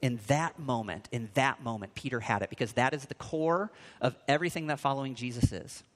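A man preaching a sermon, moving between quiet reflection and loud, acted-out quotes. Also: fairly quick. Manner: dramatic swings in pitch and volume, acting out quotes. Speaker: pastor.

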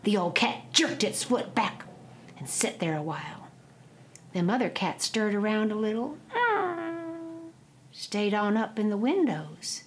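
A woman spins an old folk tale aloud. Her drawling delivery rises and falls with lively, animated pitch. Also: a little slow, pauses often, a little hiss or hum. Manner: drawling, expressive oral telling. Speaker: storyteller.

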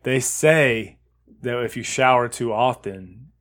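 A man's voice: medium pitch, takes it slowly, a bit bright. Laid-back man rambling in casual chat.

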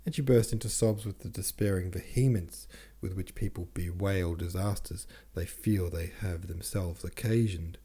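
A man narrating a classic novel aloud in a measured, steady reading. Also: deep voice, breathy edge. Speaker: audiobook narrator.

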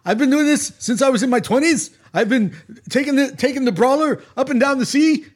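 A man voicing a boastful older male river barge captain who rambles through a salesman's pitch, as an impression of a well-known public figure. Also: brisk, breathy edge. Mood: wheedling. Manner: rambling salesman patter, loud and emphatic.

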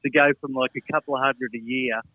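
A man's voice: medium pitch, steady tone, fast, no room sound, narrow, tinny audio. A man talking as a guest in a casual chat, enthusiastic and swearing casually.

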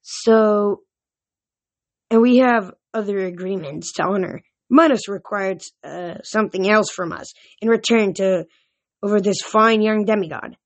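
A woman's voice: medium pitch, measured pace, natural voice. A woman voicing a sly, cruel female demon who taunts smugly, while reading a novel aloud. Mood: scheming. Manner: smug, taunting.

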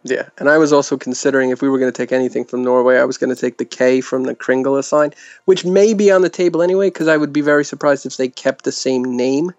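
A man's voice: mid-range voice, quick pace, a little mellow, no echo, dull audio, faint music behind. A man co-hosting a casual podcast chat, wry and joking. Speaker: podcast co-host.

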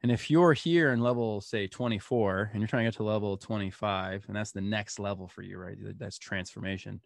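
A man being interviewed, telling personal stories in an animated way and laughing as he goes. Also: on the low side, fairly quick, gravelly, no room sound, clean studio sound. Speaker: guest. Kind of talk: storytelling interview.

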